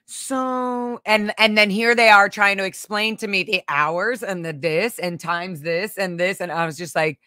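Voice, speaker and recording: Animated, bright-voiced woman hosting a chat. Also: mid-range voice, dry recording, clean studio sound. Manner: animated, talks fast in bursts with frequent restarts and swearing. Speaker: podcast host. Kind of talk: casual conversational chat.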